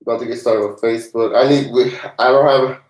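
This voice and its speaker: A Southern-raised tax professional hosts a casual livestream Q&A, his mid-range, darkish voice steady and fairly quick. He chats and jokes with easy laughter, and the room gives the sound a noticeable echo.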